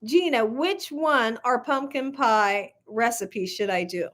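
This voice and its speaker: A woman's voice: a little high, slow, fairly bright tone. A woman hosting a casual cooking livestream, chatty and laughing often as she reads viewer comments aloud. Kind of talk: casual live chat reading viewer comments.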